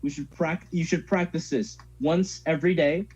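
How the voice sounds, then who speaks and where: A man's voice: a little high, fairly even intonation, normal speed, darkish tone, breathy edge. A teenage young man co-hosting a casual podcast, teasing his friend and rambling with lots of "like" fillers. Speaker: podcast co-host. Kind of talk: casual chat. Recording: dull lo-fi sound.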